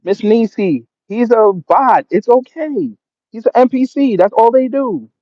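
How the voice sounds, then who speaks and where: A man's voice: very high voice, measured pace, no echo. A man of Jamaican background hosting a livestream, reading out chat comments and answering them with sarcasm and laughter. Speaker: livestream host. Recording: dull lo-fi stream audio.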